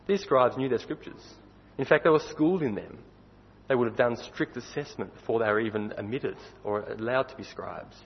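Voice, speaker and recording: A man's voice: medium pitch, lively intonation, brisk, breathy edge. A man preaching a sermon in a conversational way, putting questions to his listeners. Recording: dull recording with long hall reverb.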